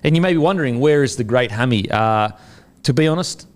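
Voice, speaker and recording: A man's voice: mid-range voice, animated, fairly quick. An Australian man hosting a sports podcast in a studio, bantering loosely, swearing often and plugging sponsors. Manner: banter-heavy, swears freely, plugs sponsors. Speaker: podcast host. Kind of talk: casual sports podcast chat.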